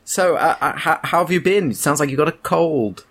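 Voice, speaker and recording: A man hosting a podcast, talking in a dry, sardonic way with unhurried hesitations. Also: on the high side, a bit bright, husky. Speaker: podcast host. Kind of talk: casual chat.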